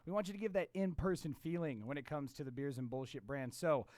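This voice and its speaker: A man co-hosting a casual podcast, loud, joking and profane as he opens the show. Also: on the high side, fast, no room sound. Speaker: podcast co-host. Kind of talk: casual chat.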